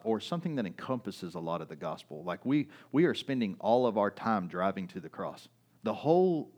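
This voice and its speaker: A man's voice: lowish voice, a little mellow. A male pastor preaching a sermon in a church, talking casually with fillers and restarts, and raising his voice to act out quoted lines. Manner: conversational, with many fillers and restarts; acts out quoted lines with raised voice.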